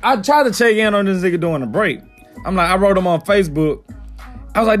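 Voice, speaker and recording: A young man co-hosting a podcast, telling a story in an animated, profane way and acting out what people said. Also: high-pitched, fast, soft background music. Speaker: podcast co-host. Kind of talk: casual storytelling chat.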